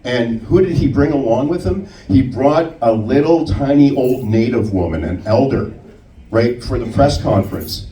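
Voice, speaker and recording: A male stand-up comedian works the room with a lively, swooping delivery. His voice sounds roomy and a little distant, picked up from across the club, with faint room noise behind. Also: medium pitch, moderate pace. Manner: animated storytelling with put-on voices.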